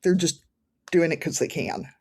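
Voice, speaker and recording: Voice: mid-range voice, moderate pace, darkish tone, husky. A podcast host chatting casually with wry, folksy humor. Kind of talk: casual chat.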